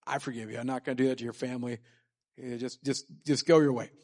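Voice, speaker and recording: A man putting on a merciful lord, lower and quieter than his own voice. He speaks gently, like a master letting a debt go. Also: fairly even intonation, fast, natural voice. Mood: gentle. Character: merciful male lord granting forgiveness.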